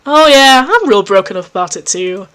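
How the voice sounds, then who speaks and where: A woman voicing a cocky, sarcastic alien girl who talks brashly and loudly. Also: medium pitch, lively intonation, moderate pace, smooth, natural voice.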